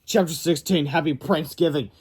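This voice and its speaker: Read-aloud narrator, man, slightly high voice, stumbles and self-corrects. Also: moderate pace, darkish tone, slightly rough. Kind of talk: reading a children's book aloud.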